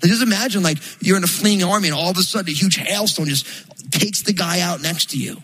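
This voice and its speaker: A pastor from New Jersey preaching a sermon, telling a story in a loose, chatty way full of fillers. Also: male voice, sits high, fast, pushed and bright, breathy edge, poor audio.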